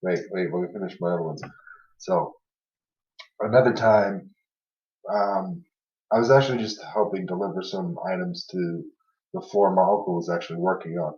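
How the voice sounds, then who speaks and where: A man with a fairly low voice tells funny stories from an old job in a loose podcast chat. He laughs between lines and leans on fillers. He is heard from a distance in an echoey room, and the recording sounds dull and lo-fi. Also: moderate pace, pauses often, a little mellow. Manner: laughs while telling stories, many "you know" and "everything else" fillers. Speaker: podcast host. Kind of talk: casual storytelling chat.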